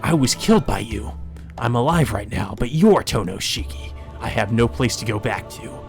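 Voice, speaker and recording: A man's voice: mid-range voice, expressive, moderate pace, creaky, faint music behind. A man voicing a bitter, vengeful young man. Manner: bitter, accusing, cold. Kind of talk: reading a visual novel aloud.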